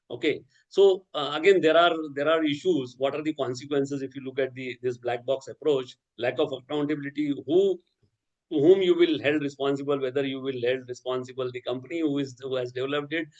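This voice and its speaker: A man's voice: mid-range voice, darkish tone, lo-fi sound. A man giving an academic lecture, talking in a discursive way with many fillers, restarts and a habitual "okay".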